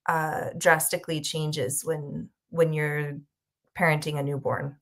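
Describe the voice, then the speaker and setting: An earnest woman speaking on a candid livestream panel. She has a fairly low voice and often repeats words as she finds her point. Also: level tone, a little slow. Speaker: panel guest.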